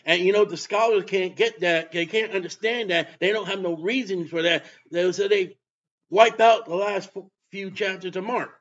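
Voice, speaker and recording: A man preaching a sermon, emphatic, with bursts of loud delivery. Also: high-pitched, normal speed. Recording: dull lo-fi sound.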